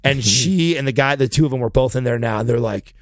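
Fast-talking profane man telling a story. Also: medium pitch, dry recording, clean studio sound. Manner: profane, animated, heated storytelling. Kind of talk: casual storytelling chat.

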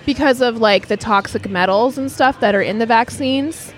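A woman's voice: a little high, moderate pace, faint music behind. A woman co-hosting a podcast in casual chat, frank and matter-of-fact.

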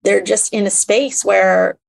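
Gravelly-voiced woman hosting an interview. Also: mid-range voice, slow. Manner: animated, acts out quoted voices. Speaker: podcast host. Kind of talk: conversational interview.

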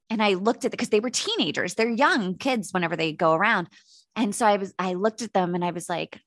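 A woman's voice: medium pitch, expressive, a little fast, dry recording, clean studio sound. A woman in her thirties from the United States, co-hosting a podcast in casual chat, telling stories and laughing often. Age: 30s. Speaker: podcast co-host.

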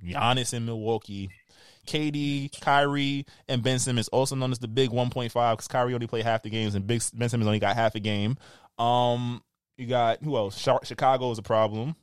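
A man's voice: medium pitch, a little fast, smooth, no echo, clean studio sound. A man with a New York accent, co-hosting a podcast and ranting about basketball in casual, profane, teasing banter. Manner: animated, profane, teasing rants. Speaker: podcast co-host.

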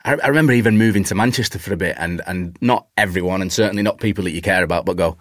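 A man's voice: low-pitched, rapid-fire, few pauses, dry recording, studio quality. A man from Warrington with a northern English accent, talking animatedly and chattily as an actor guest in a casual conversation. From Warrington, England.

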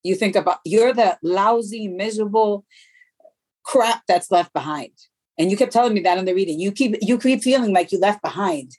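A middle-aged woman, a guest in an interview, speaking earnestly and haltingly about her grief, with many restarts. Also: mid-range voice, darkish tone, breathy edge. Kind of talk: emotional personal interview.

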